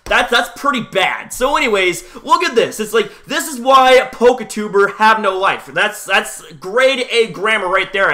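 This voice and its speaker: A man's voice: sits high, pushed and bright. A young man, a YouTuber, ranting angrily to his viewers, swearing often and repeating himself with lots of "like" and "you know". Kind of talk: angry vlog rant.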